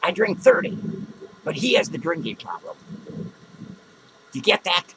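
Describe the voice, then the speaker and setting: Poor audio and slight background noise capture a high, sing-song voice that never drops its full character. Unhurried, the man plays a sloshed, foul-mouthed clown hosting a small-studio podcast, rambling, swearing, mocking himself and letting out loud cackles.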